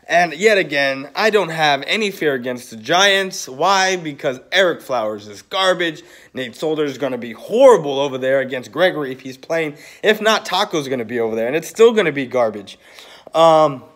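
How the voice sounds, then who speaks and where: A man vlogging a profane sports-fan rant, heated and sarcastic with frequent swearing. His voice sits a bit higher than most men's. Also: a bit bright.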